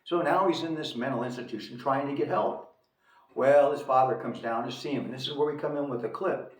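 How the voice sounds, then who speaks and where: A man's voice: mid-range voice, a little fast. A man hosting a casual film review, telling the story emphatically. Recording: echoey room, distant mic.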